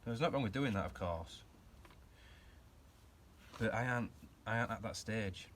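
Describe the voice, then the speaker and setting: A low-voiced man talking to camera in a home garage while he works, drifting between jokes and shop talk. He pokes fun at himself and rambles off on tangents as he goes. A faint background hum sits under his voice. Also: moderate pace, a bit bright. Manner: chatty, self-mocking, rambling asides while working. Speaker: hobby car restorer and channel host. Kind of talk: casual workshop vlog chat.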